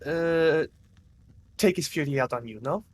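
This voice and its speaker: A man's voice: a little high, a little slow, natural voice. A man voicing a cat prince who speaks formally in an affected regal accent. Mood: diplomatic. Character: soft-spoken cat prince, putting on regal airs.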